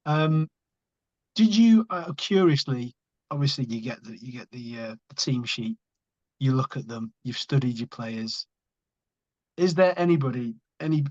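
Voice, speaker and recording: A man hosting a podcast, asking loose, rambling questions in a relaxed manner that trails off quietly. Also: mid-range voice, no echo. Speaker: podcast host. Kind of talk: casual interview chat. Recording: slightly dull lo-fi sound.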